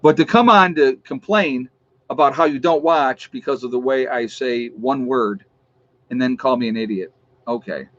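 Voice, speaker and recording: A man's voice: medium pitch, moderate pace. New york guy rambling on his stream, amused and teasing, kinda dull lo-fi audio. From New York State. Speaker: YouTube channel host. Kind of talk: casual livestream chat.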